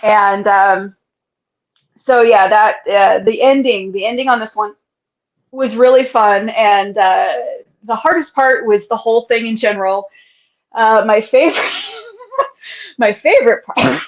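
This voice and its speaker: A woman's voice: a little high, lively intonation, takes it slowly, long pauses. A woman author in a casual interview, talking candidly and often laughing. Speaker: author guest. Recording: dull lo-fi sound.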